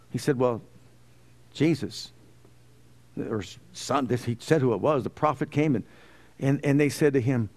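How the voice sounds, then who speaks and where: A man preaching a sermon, animated, often questioning his listeners and acting out the quotes he tells. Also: on the high side, normal speed, pauses often.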